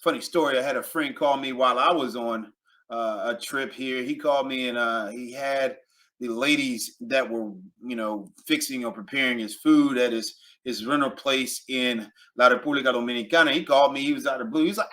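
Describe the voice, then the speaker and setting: A man, teaching travel phrases in a casual, animated video lesson and repeating each phrase. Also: mid-range voice, fairly quick. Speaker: Spanish teacher.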